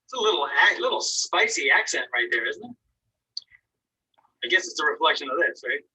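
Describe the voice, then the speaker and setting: A man teaching an online painting class gives casual, encouraging critiques of students' work, thinking aloud as he goes. His fairly high voice is very animated, a little fast, sharp in tone and slightly rough. He's recorded from a distance, away from the mic, and the recording is rough.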